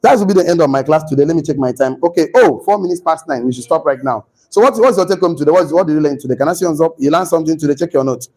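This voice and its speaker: A man lecturing a class, animated, repeating himself and putting questions to the room. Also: on the high side, rapid-fire, hardly any pauses, rough recording.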